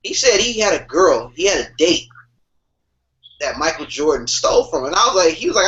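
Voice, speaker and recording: A young man co-hosting a podcast in casual chat, animated and slangy, laughing and swearing as he tells stories. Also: a little high, fairly quick. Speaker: podcast co-host. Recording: dull lo-fi podcast audio.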